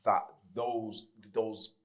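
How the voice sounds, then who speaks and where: A man's voice: lowish voice, flat delivery, extremely slow. A man hosting a casual podcast, asking questions in a laid-back way and affirming the guest often. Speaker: podcast host.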